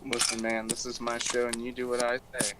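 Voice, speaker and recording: A man's voice: mid-range voice, fairly quick, background noise. A young man hosting a casual podcast, telling a school story with lots of laughter and acted-out voices. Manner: animated, laughing, acts out voices of people in the story. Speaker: podcast host.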